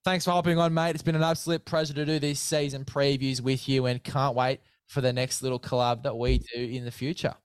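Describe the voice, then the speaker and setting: Matey Australian man, smooth dry voice. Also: medium pitch, little pitch movement, fairly quick, hardly any pauses, no echo. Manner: chatty, says "mate" a lot, hypes sponsor read. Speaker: podcast host. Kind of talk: casual sports chat.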